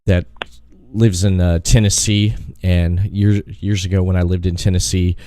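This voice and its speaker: A man's voice: deep voice, flat delivery, moderate pace, dark tone, slight background noise. A man hosting a podcast interview, telling long rambling stories and laughing often. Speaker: podcast host. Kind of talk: casual phone interview.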